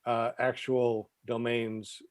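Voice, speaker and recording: A man hosting a casual podcast, keeping track of the live chat. His voice is mid-pitched and easygoing. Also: monotone, slow pace. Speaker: podcast host.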